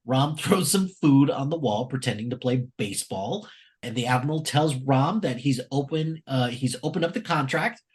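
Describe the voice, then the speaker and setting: A man's voice: medium pitch, animated, normal speed. Chatty male co-host recapping an episode. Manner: chatty, recounts the plot with frequent fillers. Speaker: podcast co-host.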